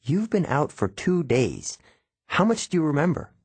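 A man voicing an anxious young male satyr who talks in nervous, halting bursts. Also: on the high side, big pitch swings, breathy edge, no echo, pitched above the performer's own voice.

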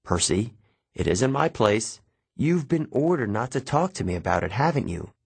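A man voicing an older male centaur teacher, measured and gentle, in an audiobook. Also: mid-range voice, big pitch swings, creaky, breathy edge, no room sound, heavily acted.

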